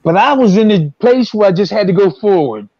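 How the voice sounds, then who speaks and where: Former boxer in his 60s, high-pitched, rambling storyteller, dry lo-fi. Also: animated, a little fast, mellow, no echo, faint music behind. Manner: rambling, repeats himself, acts out quotes. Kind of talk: casual storytelling. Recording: dull, dry lo-fi sound.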